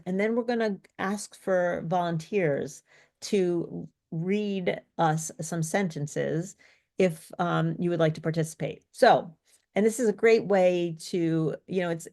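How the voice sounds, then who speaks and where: A woman's voice: on the low side, darkish tone. A woman teaching a live pronunciation lesson, explaining step by step and correcting herself as she thinks aloud. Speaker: speech coach.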